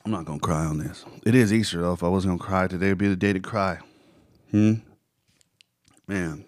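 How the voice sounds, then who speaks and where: Man, very low voice, earnest and conversational, dry close sound. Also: steady tone, fairly quick, no room sound. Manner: conversational, earnest, with many fillers and rhetorical questions. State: emotional. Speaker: host reflecting on a worship song. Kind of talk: casual devotional talk.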